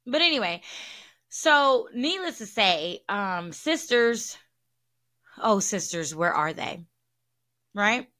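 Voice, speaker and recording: A woman's voice: mid-range voice, expressive, takes it slowly, pauses often, pushed and bright. A woman hosting a candid solo podcast, talking bluntly and profanely and repeating her points for emphasis. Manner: blunt and profane, talks frankly. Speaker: podcast host.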